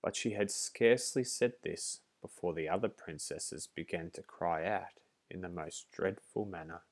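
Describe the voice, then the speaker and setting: A man reading a children's fairy tale aloud as narrator, measured and gentle. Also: low-pitched, creaky. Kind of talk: storybook reading.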